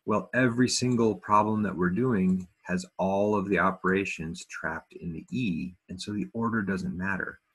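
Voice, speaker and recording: A man's voice: deep voice, normal speed, hardly any pauses, a bit bright, breathy edge. A man teaching math in a recorded video lesson, talking casually with self-deprecating asides.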